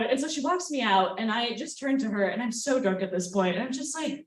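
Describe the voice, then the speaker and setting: A woman's voice: on the high side, a little fast, hardly any pauses. A woman telling a self-mocking personal story at a live storytelling night, casual and full of fillers. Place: event space with audience. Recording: roomy sound from far off the mic.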